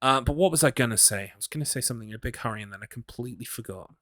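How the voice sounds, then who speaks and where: A man's voice: medium pitch, very fast, a bit bright, no room sound, clean studio sound. An English man streaming a horror game, chatting casually and rambling, teasing himself as he reads his chat. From England. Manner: rambling, self-mocking, talks to himself.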